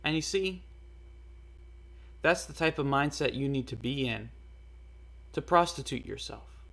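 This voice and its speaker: A young man telling a personal story in a casual, earnest way, halting often with fillers and restarts. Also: medium pitch, expressive, creaky, fairly bright tone. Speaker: storyteller vlogger.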